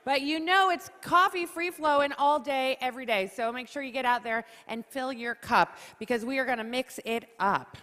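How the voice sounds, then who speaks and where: A woman's voice: high-pitched, moderate pace, few pauses. A woman from New York hosting a conference on stage, joking and rallying the audience. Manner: lively, joking, rallies the audience. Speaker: conference emcee. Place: large conference hall. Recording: reverberant hall.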